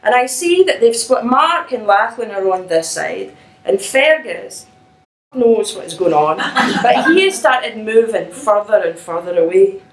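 A middle-aged woman telling a personal story in an animated, laughing, self-mocking way. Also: mid-range voice, unhurried, reverberant, poor audio.

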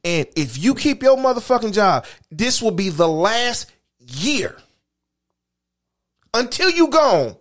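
Guy with a high voice going off, cursing nonstop, heated sports rant, keeps repeating himself. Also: big pitch swings, takes it slowly, long pauses. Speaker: podcast co-host. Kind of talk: profane casual sports rant.

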